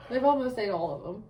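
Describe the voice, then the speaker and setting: A woman's voice: fairly high pitch, far from the mic, muffled recording, a little hiss or hum. A woman co-hosting a casual podcast, telling stories in a matter-of-fact way with frequent laughs and swearing. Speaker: podcast co-host. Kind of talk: casual profane chat.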